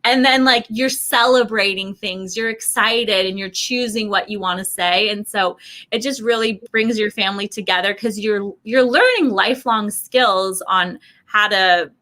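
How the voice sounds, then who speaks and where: A woman who founded a language program for moms, talking in a casual video chat, animated, acting out quoted dialogue and laughing often. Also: mid-range voice, measured pace.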